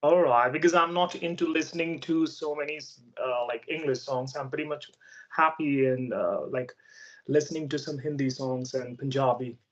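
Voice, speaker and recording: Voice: medium pitch, fairly even intonation, normal speed, highs cut off. An adult English conversation interviewer asking a young learner questions in a casual chat, talking hesitantly with many fillers and patiently explaining ideas.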